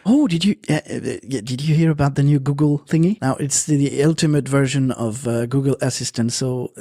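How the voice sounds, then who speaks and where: A man's voice: medium pitch, brisk, warm tone. A man hosting a podcast in casual chat, speaking hesitantly with many filler sounds and restarts. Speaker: podcast host and editor.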